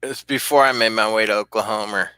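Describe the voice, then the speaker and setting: Bright, profane man telling stories. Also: lowish voice, fairly even intonation, brisk, clean tone, no room sound. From California. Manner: profane, rambling, laughs often. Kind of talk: casual storytelling.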